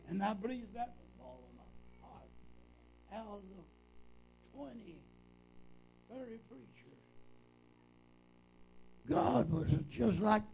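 Gravelly older preacher, slow and folksy. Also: male voice, sits high, warm tone, slight background noise. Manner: folksy, repetitive, retells dialogue with "said". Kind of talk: reminiscing storytelling. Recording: dull lo-fi recording.

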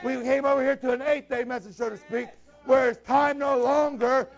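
Male preacher, very high voice, fair amount of fry, fervent and shouty at peaks, muffled lo-fi sound. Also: steady tone. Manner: impassioned, breaks into shouts, slows down to stress key lines. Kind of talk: sermon. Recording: dull lo-fi recording.

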